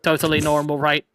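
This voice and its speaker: Giggly young man with a bright voice. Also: on the high side, dry recording, clean studio sound. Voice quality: giggly, laughs often. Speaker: VTuber streamer host. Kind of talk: casual chat.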